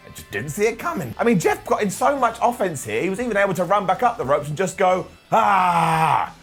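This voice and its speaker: Wrestling reviewer, sarcastic, lively up-and-down delivery. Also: male voice, sits high, fast, faint music behind. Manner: sarcastic, joking asides. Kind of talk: casual comedic video commentary.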